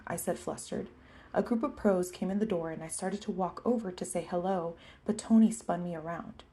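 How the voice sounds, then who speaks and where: A woman narrates a novel as a homemade audiobook. Her voice is mellow and dark in tone, and it drops low and quiet for narration, then grows louder and sharper for the characters' lines. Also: normal speed. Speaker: audiobook reader.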